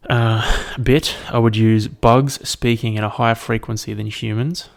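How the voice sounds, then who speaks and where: A young man rambles through his solo podcast in a low, gravelly voice. He swears freely and pokes fun at himself as he drifts between topics. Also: steady tone, measured pace. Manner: rambling, profane, self-mocking. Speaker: podcast host. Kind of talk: casual solo podcast monologue.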